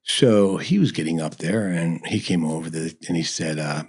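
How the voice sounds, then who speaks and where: His husky, low voice moves quickly with hardly any pauses. As a guest in a laid-back interview, this middle-aged man who owns a barbecue place tells meandering, down-home stories full of "you know."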